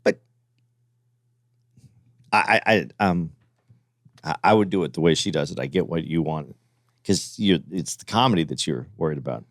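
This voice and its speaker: A man co-hosting a podcast in casual banter, talking in halting starts and trailing off. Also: very deep voice, animated, dry recording. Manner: halting, restarts often, trails off. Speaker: podcast co-host.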